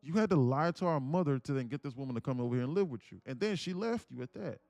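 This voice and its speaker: A young man livestreaming, telling a family story in a blunt, animated rant and saying "bro" constantly. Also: medium pitch, quick pace, vocal fry, no room sound, faint music behind. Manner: blunt, repeats "bro" constantly, grows louder and more insistent. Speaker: livestream day trader.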